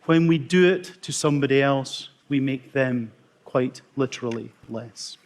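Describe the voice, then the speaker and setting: A middle-aged Scottish man, an emergency consultant, telling wry, self-mocking stories in a talk with dramatic pauses. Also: mid-range voice. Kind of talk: storytelling conference talk.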